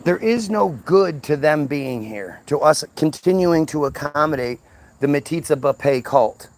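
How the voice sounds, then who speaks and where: A man's voice: fairly high pitch, animated, measured pace. A man ranting in an unscripted monologue, agitated, often repeating and restarting words. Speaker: commentator.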